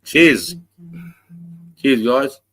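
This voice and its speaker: A man's voice: medium pitch, lively intonation, very slow, fairly bright tone. A middle-aged Australian man hosting a casual livestream, greeting viewers in a laid-back, sweary way. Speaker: livestream host.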